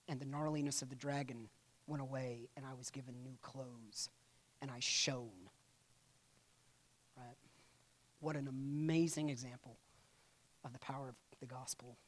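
A church history teacher talks casually to a class, drifting into side stories and acting out the quotes. The tone stays chatty, with teasing asides, and the pitch sits in a middle range. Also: steady tone, unhurried, long pauses. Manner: retells stories with acted-out quotes.

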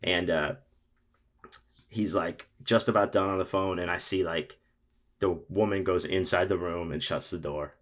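A young man tells a story in a relaxed, rambling chat. His voice sits fairly low, and he fills it with "like" and casual swearing as he goes. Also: measured pace. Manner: animated storyteller, lots of fillers, swears.

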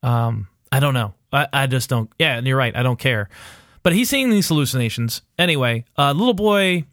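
A man's voice: mid-range voice, expressive, normal speed, a bit bright, dry recording, studio quality. A man co-hosting a podcast, recapping a TV episode in a loose, rambling way with lots of fillers and swearing. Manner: rambling, profane, full of fillers and quoted asides. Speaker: podcast co-host. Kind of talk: casual TV recap chat.

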